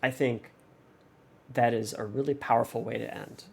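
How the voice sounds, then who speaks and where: A man's voice: medium pitch, steady tone, moderate pace, vocal fry, slightly rough. A man hosting a music reaction channel, analyzing a song in a thoughtful, hesitant way with many fillers and restarts.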